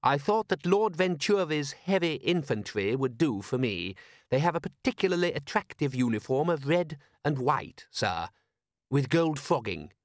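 A man's voice: on the high side, sing-song, normal speed, no room sound, voice pushed up. Man voicing a raised, primly deferential butler, formal and clipped, dry close sound. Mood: earnest deferential. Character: prim loyal male butler, earnest and proper.

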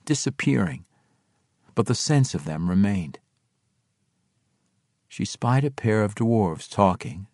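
A man narrating a fantasy audiobook in an expressive, dramatic reading style. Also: low-pitched, dry recording, studio quality.

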